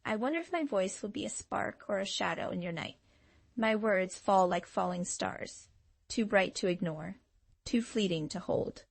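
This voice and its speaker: Tarot reader lady reading a channeled love msg, slow and dramatic, breathy raspy voice. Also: medium pitch, animated, no echo. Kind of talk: scripted channeled love message.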